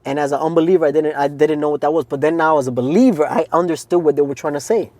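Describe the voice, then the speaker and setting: With a fairly high pitch and dark tone, this podcast co-host moves quickly through his faith testimony with no echo. His storytelling is earnest and casual, heavy on "like" and "man."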